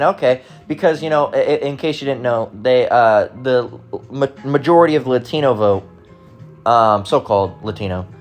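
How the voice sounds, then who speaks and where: A man giving casual, rambling commentary on online comments, talking bluntly and profanely with frequent restarts. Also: mid-range voice.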